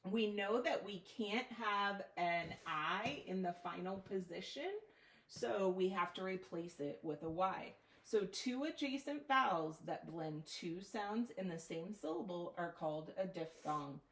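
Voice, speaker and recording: A woman reading teacher giving a one-on-one phonics lesson, prompting clearly and patiently. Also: medium pitch, expressive, measured pace. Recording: roomy, distant mic with faint noise.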